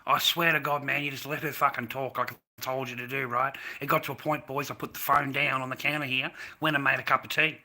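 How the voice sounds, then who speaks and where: A man's voice: medium pitch, flat delivery, fast, few pauses, pushed and bright. Blunt, profane man in his fifties. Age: 50s. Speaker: livestream host. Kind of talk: casual livestream rant.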